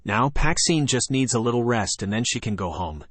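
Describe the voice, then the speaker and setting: A man's voice: mid-range voice, animated, normal speed, a bit bright, no room sound. A man voicing a kind, reassuring woman doctor in an audiobook, in a comforting tone.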